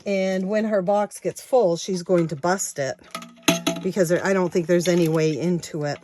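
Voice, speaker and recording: A woman in her sixties chatting casually to her viewers, counting money out loud as she goes. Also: lowish voice, steady tone, moderate pace, noisy background. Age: 60s. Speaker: savings challenge vlogger.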